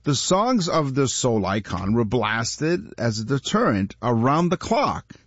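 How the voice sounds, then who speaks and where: A man co-hosting a casual trivia show, chatty and quick to laugh. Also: mid-range voice, slightly rough, no echo. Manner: chatty, laughs often, animated. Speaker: co-host. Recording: dull dry studio sound.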